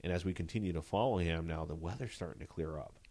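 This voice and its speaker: Deep-voiced man telling a police story. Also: fast talker. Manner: animated, full of "you know" fillers. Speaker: police detective guest. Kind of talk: casual storytelling interview.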